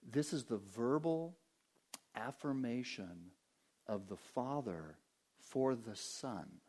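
A man preaching a sermon as pastor, rising to emphatic peaks and dropping to hushed, low passages. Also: lively intonation, slow pace.

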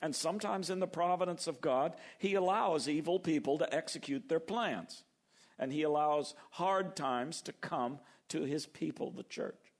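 An older man preaching a sermon, lively and acting out the quoted voices as he goes. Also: fairly high pitch, normal speed. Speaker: pastor.

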